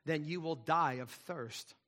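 A grave and unhurried lion speaks low and quiet, as a man puts him on while reading aloud. The voice stays bright despite the lowered delivery, measured and solemn from line to line. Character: great stern male lion, grave and unhurried.

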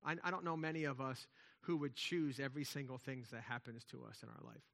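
A man's voice: medium pitch, a little fast, creaky, fairly bright tone. A man preaching a sermon in a conversational way, with emphatic swells and frequent restarts. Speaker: pastor.

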